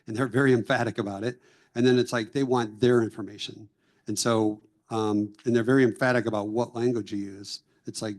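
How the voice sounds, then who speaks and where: A man's voice: medium pitch, fairly quick, darkish tone. A man on a panel answering audience questions in a casual, chatty way with small stumbles. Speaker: mission team member. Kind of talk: explaining to an audience.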